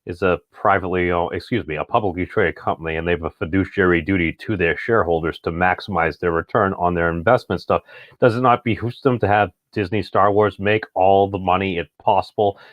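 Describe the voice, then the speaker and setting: A man's voice: low-pitched, steady tone, fairly quick, dry recording, dull audio. A man co-hosting a casual chat, rambling and hedging with lots of filler words. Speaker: podcast co-host.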